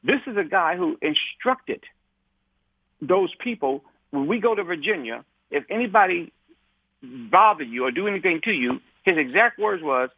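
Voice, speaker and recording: A man's voice: a little high, lively intonation, normal speed, husky, no echo. A man, a civil rights activist, telling a long story in an interview. He repeats and restarts his words and acts out the lines other people said to him. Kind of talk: conversational storytelling. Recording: tinny phone-like line, dry.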